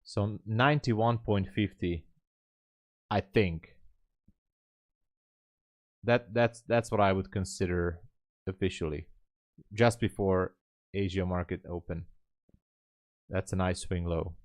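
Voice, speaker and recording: Man, low voice, unhurried halting delivery, live trading stream host, laughs a lot, dry close sound. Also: no room sound. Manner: thinks aloud, laughs often, greets chat viewers; relaxed, halting, many fillers. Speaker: day-trading livestream host. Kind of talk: live commentary while trading and reading chat.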